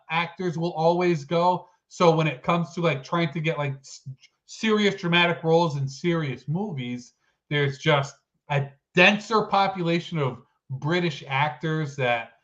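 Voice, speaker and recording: A man from the United States co-hosting a casual chat show, thinking out loud with many fillers. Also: a little high, highs cut off. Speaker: co-host.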